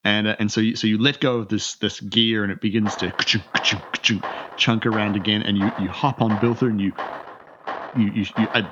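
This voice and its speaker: Low-voiced stammering game master. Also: male voice, fairly even intonation, a little fast, noisy background. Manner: stammering, many repeated words and fillers. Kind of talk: narrating a tabletop game. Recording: dull lo-fi sound.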